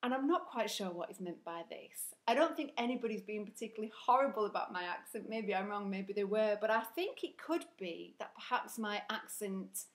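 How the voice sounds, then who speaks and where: A woman's voice: medium pitch, lively intonation, brisk, few pauses. Chatty woman with a strong Northern English accent. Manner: chatty, candid, self-conscious. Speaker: speaker sharing personal reflections. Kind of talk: casual reflective monologue.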